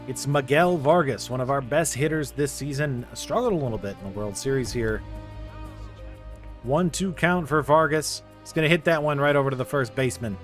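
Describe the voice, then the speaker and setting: A young man narrating his baseball video game play by play, quickly getting frustrated at the game. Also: mid-range voice, fairly bright tone. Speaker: gaming YouTuber. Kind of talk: casual video game commentary.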